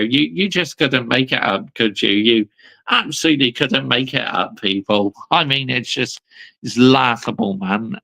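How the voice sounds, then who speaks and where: Gravelly ranting British man. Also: mid-range voice, bright, forceful tone. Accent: British English. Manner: ranting, repetitive, addresses viewers as people and mate. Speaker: livestream host. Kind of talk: fan rant on a livestream.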